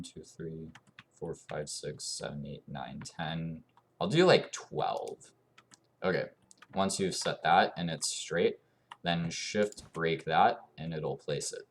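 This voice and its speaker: Man with a very deep voice, rambling tutorial. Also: fairly bright tone. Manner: rambling, meandering explanations. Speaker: tutorial YouTuber. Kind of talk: casual game tutorial commentary.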